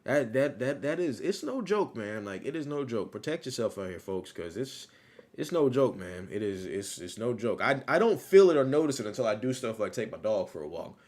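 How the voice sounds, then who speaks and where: A man's voice: mid-range voice, big pitch swings, moderate pace, darkish tone. Rambling man on a casual livestream. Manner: loose, rambling, repeats phrases, laughs easily. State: still low on energy after illness. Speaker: livestream host.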